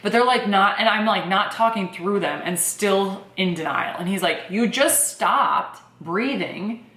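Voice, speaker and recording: A young woman casually telling her birth story in a chatty, animated way, full of fillers. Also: mid-range voice, measured pace, reverberant.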